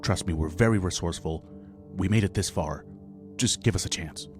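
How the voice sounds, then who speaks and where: A man playing a tabletop game, speaking in character in a persuasive, smooth-talking way. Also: low voice, moderate pace, soft background music. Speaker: player. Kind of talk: in-character tabletop role-play.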